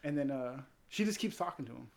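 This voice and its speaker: A man telling crude stories in casual chat, animated and swearing a lot. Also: medium pitch, fast, vocal fry, slight background noise. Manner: crude, animated storytelling with acted quotes.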